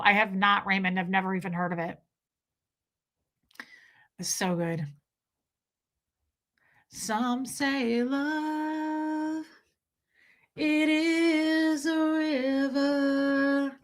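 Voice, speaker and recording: Her voice sits on the high side, pushed and bright, as she hosts a livestream. Reading viewer comments in casual chat, she gushes about her favorite films, exclaiming often and quoting lines from them.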